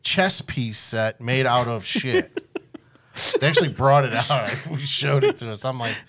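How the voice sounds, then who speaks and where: A man's voice: medium pitch, unhurried, crowd noise. A man on a podcast, telling crude, wild stories in casual chat and laughing his way through them. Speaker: podcast guest.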